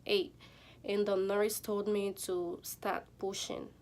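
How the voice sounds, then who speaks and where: A woman's voice: medium pitch, little pitch movement, slow pace, darkish tone, slight background noise. A young woman talks to her camera in a casual storytelling vlog, taking her time with each phrase. She slips into emotional retellings with lots of fillers, acting out her own pleas along the way. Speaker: vlogger.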